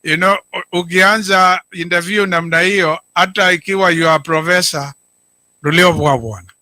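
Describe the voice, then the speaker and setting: A middle-aged Kenyan man, a county governor, giving a deliberate public speech and stressing his key words. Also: high voice, fairly even intonation, bright, forceful tone, no echo. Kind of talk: public speech, code-switching.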